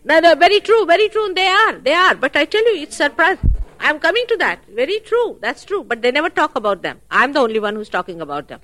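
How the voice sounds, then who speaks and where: A woman giving a spiritual talk at a public program, animated and full of rhetorical questions. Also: high-pitched, fast, no echo. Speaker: spiritual teacher.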